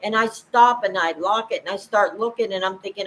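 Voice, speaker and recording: Rambling older woman, halting and chatty. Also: medium pitch, fairly bright tone, slight background noise, low-quality recording. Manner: rambling, halting, laughs often. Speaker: vlogger. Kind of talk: casual talk to camera. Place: at home, indoors.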